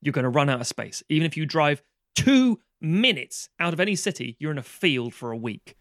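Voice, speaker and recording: A man's voice: a little high, very animated, brisk, a bit bright, no echo. Sweary man ranting, dry sound. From London, England. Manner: ranting and sweary, acting out quoted people. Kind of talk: casual chat.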